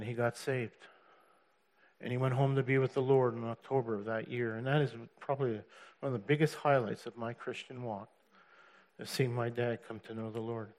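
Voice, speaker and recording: A middle-aged man telling the story of his faith in a casual way, acting out the voices of the people he quotes and chuckling as he goes. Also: mid-range voice. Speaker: testimony speaker. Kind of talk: personal faith testimony.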